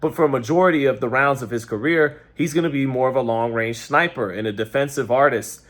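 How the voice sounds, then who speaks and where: A New man reacts to a boxing match in a loose, conversational way. He rambles, corrects himself mid-sentence and leans on fillers. His voice sits at a medium pitch. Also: a little fast, a bit bright. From New York. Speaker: boxing commentator. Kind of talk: casual fight-reaction commentary.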